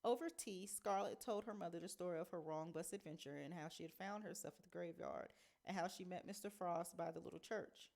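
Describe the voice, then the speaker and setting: A woman's voice: on the low side, creaky, a little mellow. Woman teacher reading a story aloud. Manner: measured storytelling narration.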